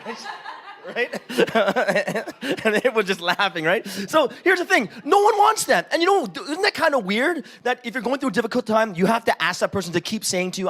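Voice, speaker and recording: A young man preaching a sermon in a church, animated and conversational, acting out pleading voices and asking "right?" again and again. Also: very high voice, moderate pace, husky. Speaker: pastor.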